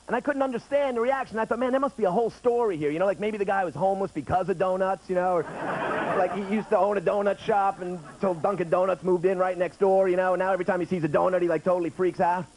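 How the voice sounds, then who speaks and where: Captured in noisy 1990s TV broadcast audio, a male stand-up comedian in his thirties performs on a late-night studio stage with an audience. His voice sits high and a little mellow, moving at a quick pace as he chats and acts out others' lines.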